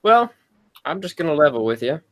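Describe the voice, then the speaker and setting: A man's voice: fairly high pitch, big pitch swings, fairly quick. A man voicing a polite, bumbling adventurer who talks hesitantly and apologetically.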